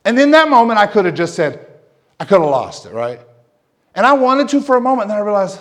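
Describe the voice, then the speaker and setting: A middle-aged male pastor telling a personal story in a sermon, lively at times and dropping to a soft hush when he prays. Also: sits high, fast. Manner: animated storyteller, drops to a soft hush for prayer.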